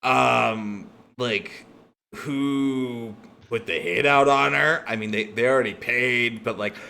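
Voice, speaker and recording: A man's voice: mid-range voice, slow pace, vocal fry, sharp tone, exaggerated voice. A man voicing a cocky male street thug who rambles flippantly, full of fillers and half-finished thoughts.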